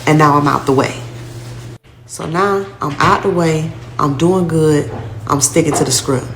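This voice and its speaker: A woman's voice: low-pitched, a little slow, reverberant, a little hiss or hum. Profane woman telling her own story. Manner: blunt, profane street talk with acted-out quotes. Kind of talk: casual first-person storytelling.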